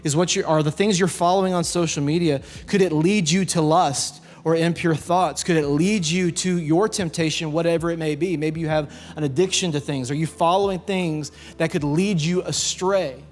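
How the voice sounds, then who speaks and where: A man's voice: a little high, steady tone, moderate pace, hardly any pauses. A man with a Southern US accent, a youth pastor giving a sermon and firing questions at the audience to get responses. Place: church youth hall. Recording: long hall reverb, faint music behind.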